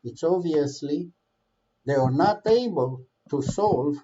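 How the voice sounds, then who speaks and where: A man's voice: a little high, lively intonation, slow, warm tone, a little hiss or hum. A man giving heated political commentary in a vlog, impassioned, swearing, with non-native English phrasing. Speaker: vlogger. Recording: dull lo-fi recording.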